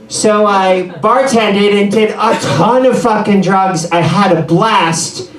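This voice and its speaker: A man's voice: high-pitched, takes it slowly, fairly bright tone. A man doing a rambling, self-deprecating stand-up set in a bar, ad-libbing through the trouble. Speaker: stand-up comedian. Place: bar comedy room. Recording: echoey room, mic far off.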